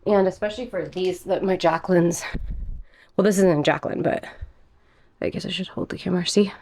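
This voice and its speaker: Speaking fairly quickly in a voice on the low side, a young woman hosts a plant care vlog. The plant vlogger keeps things chatty and casual, giggling occasionally, a touch out of breath, and whispering softly to her plants.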